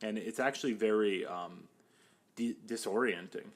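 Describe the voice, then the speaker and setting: Low-voiced chatty young man. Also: normal speed. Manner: chatty, many "like" fillers, acts out quoted voices. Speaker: podcast guest, psychotherapist. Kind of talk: casual podcast conversation.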